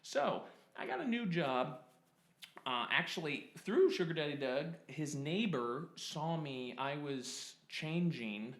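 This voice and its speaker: A man's voice: a little high, animated, unhurried. A young man in his twenties telling a rambling personal story, stopping and restarting often and laughing at himself. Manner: self-interrupting, laughs at himself, many fillers. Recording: roomy echo.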